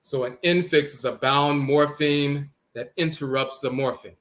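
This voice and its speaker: A man lecturing on language origins, deliberately spelling out letters and repeating each word as he points to text on screen. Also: a little high, steady tone, fairly bright tone.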